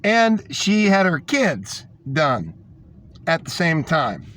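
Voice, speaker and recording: A man's voice: fairly high pitch, big pitch swings, takes it slowly, a bit bright. A man delivering a rambling, scornful monologue, repeating himself as he tells a story. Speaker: podcast host. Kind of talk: ranting monologue.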